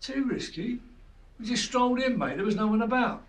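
An actor playing an aging crook, who talks in coarse, needling banter. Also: male voice, very high voice, expressive, fairly quick, distant mic. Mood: mocking. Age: older. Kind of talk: film acting.

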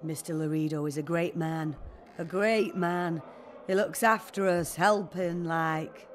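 A woman's voice: on the low side, fairly even intonation, unhurried, natural voice. An actress playing a hard-nosed female brothel keeper in a fantasy game, talking with forced cheer and sarcasm. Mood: sarcastic.

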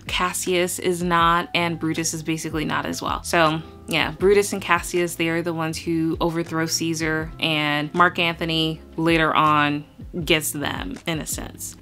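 A woman chatting casually on her book vlog, animated and laughing often, acting out the lines she quotes. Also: low-pitched. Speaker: book vlogger. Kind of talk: casual chat about her reading.

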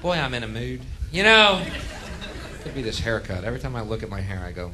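A man's voice: medium pitch, animated, brisk, heavy background noise. A man doing live stand-up, ranting in a profane, sardonic way. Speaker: stand-up comedian.

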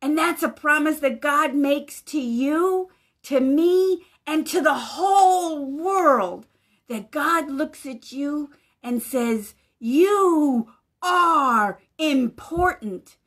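A woman pastor reading a picture-book story to young children in a gentle, animated way, asking them to find things on the page. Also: sits high, slow pace.

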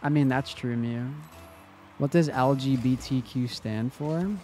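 A man's voice: medium pitch, fairly even intonation, a little slow, dark tone, faint music behind. A young man streaming a game, chatting casually and answering his chat. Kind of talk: casual live-stream chat while gaming.

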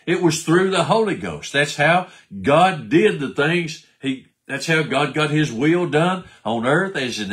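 A man's voice: fairly high pitch, fairly bright tone. A man preaching a sermon, firing rhetorical questions and answering them himself while quoting scripture.

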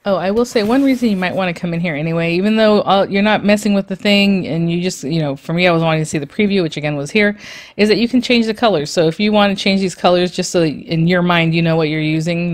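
A woman with a notably low voice talks viewers through embroidery software at her computer. She rambles in a friendly, casual way, full of fillers and quick asides. Her pace and tone stay conversational throughout. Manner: chatty and rambling, with many fillers and little laughs. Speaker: sewing and embroidery tutorial host. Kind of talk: casual screen-share tutorial.

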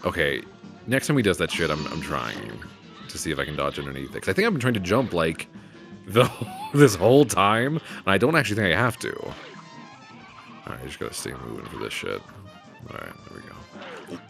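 A man's voice: low voice, very animated, normal speed, creaky, pauses often, fairly bright tone, soft background music. A man giving casual gameplay commentary, swearing often and joking at his own expense. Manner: swearing, self-mocking jokes. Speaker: let's play commentator.

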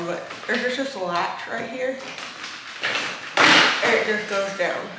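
A young woman and mother talking casually in a home vlog, reviewing baby gear with lots of "like" and "um" fillers. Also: on the low side. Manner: chatty, full of "like" and "um" fillers. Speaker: vlogger and mother of a newborn. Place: at home, moving between rooms and the car. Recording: echoey room with clear background noise.

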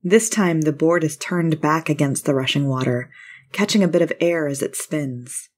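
Low-voiced woman narrating a story. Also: moderate pace, darkish tone, husky.

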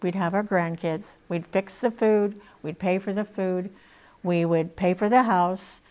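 A woman's voice: medium pitch, fairly even intonation, unhurried, darkish tone. A woman in her sixties telling her personal testimony in an earnest, emotional way. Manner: earnest, emotional, laughs between lines. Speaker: speaker sharing her testimony.

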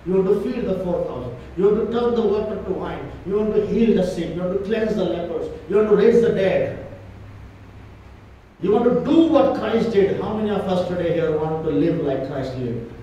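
A man's voice: sits high, lively intonation, normal speed, warm tone, lo-fi sound, a little hiss or hum. A man preaching a church sermon with emphatic, repetitive delivery. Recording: echoey church hall from far off.

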